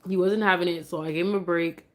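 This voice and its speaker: Chatty, emotional woman, slightly low voice. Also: steady tone, fast talker. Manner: chatty and emotional, switching to sing-song coaxing with her toddler. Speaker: mother live-streaming at home. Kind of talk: casual live-stream chat.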